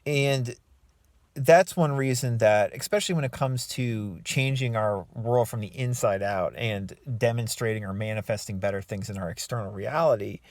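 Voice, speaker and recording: A man who coaches and writes self-help books, giving relaxed, reflective advice to the camera with many fillers and restarts. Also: medium pitch, normal speed, no echo. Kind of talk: casual talking-head advice.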